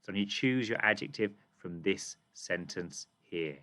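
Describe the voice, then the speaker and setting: A man's voice: deep voice, expressive, measured pace, pushed and bright. A British man teaching a reading comprehension lesson to children, asking questions and reading lines aloud with emphasis. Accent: British English. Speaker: primary school teacher.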